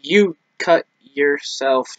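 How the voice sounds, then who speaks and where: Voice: mid-range voice, very slow, muffled recording. A gaming channel host playing a story game with a friend, giggly and unsure in chat, earnest when reading the text aloud. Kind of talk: let's play with dramatic game-text reading.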